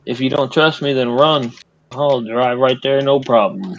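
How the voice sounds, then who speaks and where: A man playing a survival game with a friend, calmly talking through driving and looting. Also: medium pitch, unhurried, gravelly, highs cut off. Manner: easygoing, directs the action. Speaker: gaming teammate. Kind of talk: casual gaming chat.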